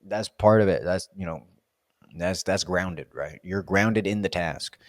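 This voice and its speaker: A man's voice: low voice, unhurried, dry recording, studio quality. A man in a casual, reflective monologue, rambling and musing with plenty of fillers. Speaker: vlogger.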